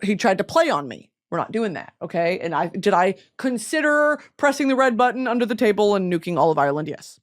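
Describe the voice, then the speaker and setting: A woman hosting a casual chat show, talking in an animated, profane way and laughing often. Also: mid-range voice, brisk, few pauses. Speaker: podcast host.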